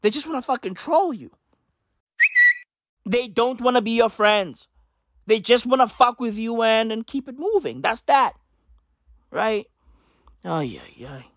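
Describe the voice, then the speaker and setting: A woman giving a sarcastic commentary rant, full of slang and swearing, who often checks in with "right?". Her pitch moves a lot and sounds animated. The recording is dry and close, with no room sound. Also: measured pace, pauses often, no room sound. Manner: profane, slangy, keeps asking "right?". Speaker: commentary vlogger.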